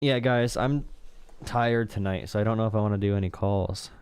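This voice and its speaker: A man's voice: fairly low pitch, normal speed, darkish tone, clear, resonant tone, no room sound. A man hosting a live stream, giving blunt, sarcastic commentary and repeating himself for emphasis. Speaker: streamer host.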